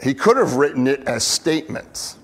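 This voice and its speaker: A man preaching an earnest, expressive sermon, acting out the pleas he quotes. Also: mid-range voice, normal speed, breathy edge, in a large hall. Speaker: pastor.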